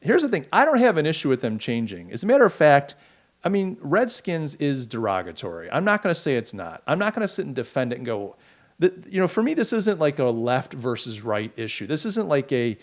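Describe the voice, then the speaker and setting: Middle-aged male host, mid-pitched voice, chatty and rambling, quick to mock. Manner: rambling, animated, mocking asides. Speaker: podcast host. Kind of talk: casual opinion monologue.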